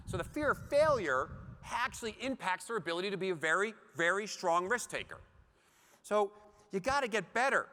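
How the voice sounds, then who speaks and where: A bright, forceful middle-aged man delivers a motivational keynote from a conference stage. His voice sits a touch high and rings with a long hall reverb. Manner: animated storytelling, acts out scenes. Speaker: keynote speaker.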